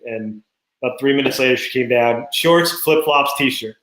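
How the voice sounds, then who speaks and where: A middle-aged man co-hosting a casual dad podcast, telling animated stories about his kids and laughing often. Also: fairly high pitch, normal speed, echoey room, poor audio. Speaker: podcast co-host. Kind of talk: casual chat.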